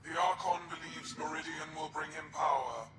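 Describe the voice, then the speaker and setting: An actor playing a scheming alien traitor who speaks in a solemn, measured way. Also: male voice, a little high, fairly even intonation, natural voice. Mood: cold solemn. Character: scheming alien Kett traitor, cold and formal. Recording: echoey game audio over loud music.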